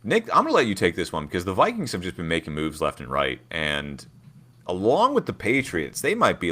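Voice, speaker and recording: A man's voice: low-pitched, wildly swooping pitch, fairly quick, a bit bright. A man from Pittsburgh co-hosting a sports podcast, opinionated and chatty. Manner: opinionated, chatty, lots of fillers and hedges. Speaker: podcast co-host. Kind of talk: casual sports chat.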